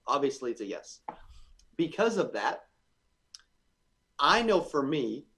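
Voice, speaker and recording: A man's voice: on the high side, very animated, takes it slowly, sharp tone. A man in his twenties, a guest on a podcast, talking energetically and often repeating words as he starts a thought. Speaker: guest entrepreneur. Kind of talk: casual interview conversation.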